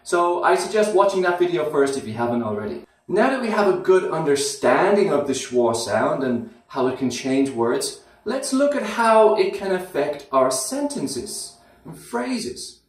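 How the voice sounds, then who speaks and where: A man teaching English pronunciation, who repeats words and phrases slowly to demonstrate how they sound. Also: fairly high pitch, big pitch swings. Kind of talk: slow, deliberate teaching. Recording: very echoey room, somewhat far from the mic.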